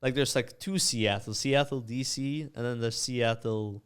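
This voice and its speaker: A young man with a Maltese accent tells an animated story in a podcast chat, filling gaps with "uh" and "like". His voice sits at a middle pitch and sounds smooth and clear. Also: measured pace. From Malta. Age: young adult. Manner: animated storyteller, many fillers. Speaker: guest, streamer.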